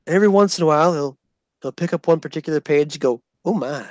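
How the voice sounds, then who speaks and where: Speaking very fast in a slightly high voice, a man tells a profane, animated vlog story about army basic training, impersonating the people he quotes. The recording is dry.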